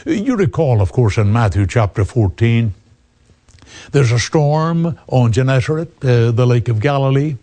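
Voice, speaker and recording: Animated preacher man with a dark voice. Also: medium pitch, unhurried. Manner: emphatic, addresses listeners as friend. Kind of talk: radio sermon.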